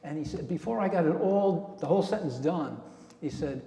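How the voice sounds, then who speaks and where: A man's voice: a little high, animated, moderate pace, dark tone. Chatty man leading a club meeting in an echoey hall. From New Jersey. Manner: chatty, rambling storyteller. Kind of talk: casual meeting talk. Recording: echoey hall with long reverb.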